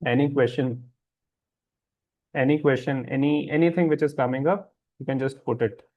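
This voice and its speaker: Guy running a wellness webinar, mid pitch, kinda dull lo-fi sound, keeps asking does that make sense. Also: steady tone, moderate pace. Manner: reassuring, repeats check-in questions. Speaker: wellness coach hosting a webinar. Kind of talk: live webinar talk answering chat questions.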